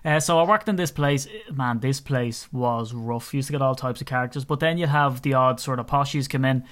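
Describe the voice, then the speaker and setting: A man's voice: medium pitch, a little fast, fairly bright tone. A young Irish man co-hosting a sports podcast, telling rambling stories and laughing often in casual chat. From Ireland. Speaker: podcast co-host.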